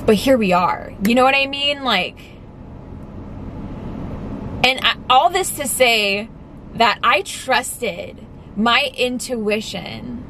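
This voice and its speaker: A woman's voice: fairly high pitch, a bit bright, slight background noise. A young woman talking candidly and emphatically in a casual vlog, swearing casually as she goes. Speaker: vlogger.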